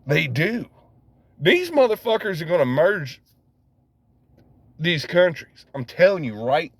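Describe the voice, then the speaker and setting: A man's voice: a little high, no echo. A man ranting casually to camera, rambling, swearing heavily and laughing at himself as he goes. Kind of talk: casual profane rant.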